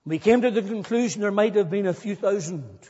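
A man's voice: high-pitched, fairly quick, dark tone, husky. A male pastor preaching a sermon in a church, earnest and building to emphatic repetition. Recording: long church reverb, dull lo-fi sound.

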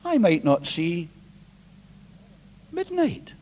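A man pastor preaching an emphatic sermon, swinging between hushed and loud. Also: high-pitched, huge pitch swings, drawn-out words. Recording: long hall reverb.

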